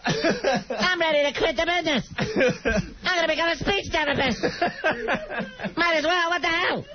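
A man doing a shrill ranting sports radio host. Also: normal speed, a loud crowd. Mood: mocking. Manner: mocking, insulting, rambling. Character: loud excitable male sports radio host. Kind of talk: comic radio impression. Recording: muffled radio audio with noise.

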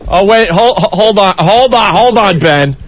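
Male radio host; slangy, jokey, quick to toss to callers, high voice. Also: expressive. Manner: joking, slangy, tosses to callers. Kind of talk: radio banter with call-ins.

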